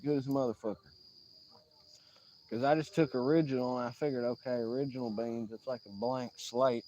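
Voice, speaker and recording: A man's voice: medium pitch, steady tone, fairly quick, dark tone, slight background noise. A man hosting a casual livestream, talking in a profane, rambling, joking way. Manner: drawling, profane, rambling, jokey sign-off. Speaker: livestream host. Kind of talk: casual outdoor livestream chat.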